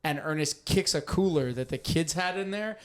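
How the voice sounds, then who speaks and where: Podcast co-host, man, slightly high voice, quick casual storytelling. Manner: quick, filler-heavy storytelling. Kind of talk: casual chat.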